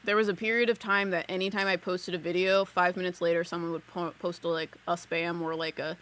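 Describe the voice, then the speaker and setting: A woman giving a psychic reading on a live stream from her desk at home. She rambles in a loose, giggly way and fills her sentences with casual filler words. Her voice sits in a middle pitch. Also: fairly bright tone. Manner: chatty, giggly, lots of "like" fillers. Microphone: desk mic on a live stream.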